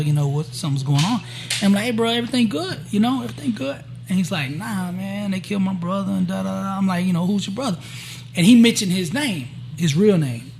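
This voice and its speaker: A guest shares a personal testimony, a man telling his story in plain, casual language with a slightly high pitch and a faint hiss in the background. He is an animated storyteller who acts out quoted dialogue and keeps checking in with listeners through frequent "right?" and "you know."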